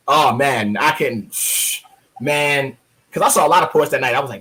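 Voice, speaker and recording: American man, thirties, guest poet, swearing casually, animated, lots of pitch swings. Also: moderate pace, a little hiss or hum, poor audio. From Baltimore, USA. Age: 30s. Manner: animated, profane, acts out voices of others. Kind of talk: casual interview storytelling.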